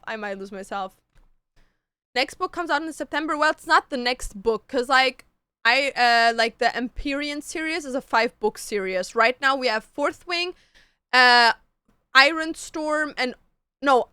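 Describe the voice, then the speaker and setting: A woman's voice: on the high side, normal speed, bright, forceful tone, clean tone, no room sound, clean studio sound. A woman streamer chatting casually with her chat, gushing about books and shows and swearing freely. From Canada.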